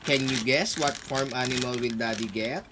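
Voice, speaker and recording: A man's voice: mid-range voice, fairly even intonation, normal speed. A father quizzing his children at home in a playful, sing-song, coaxing way with lots of praise. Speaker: father playing a snack guessing game with his children. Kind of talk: playful home video chat with kids. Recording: noisy home recording.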